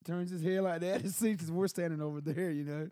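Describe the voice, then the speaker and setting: A man's voice: fairly high pitch, steady tone, brisk, dark tone, no echo, clean studio sound. A man telling stories in casual chat, laughing often and acting out voices.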